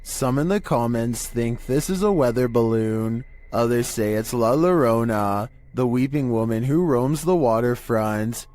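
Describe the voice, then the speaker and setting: A man narrating creepy internet videos in a steady, monotone scripted delivery. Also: mid-range voice, dry recording.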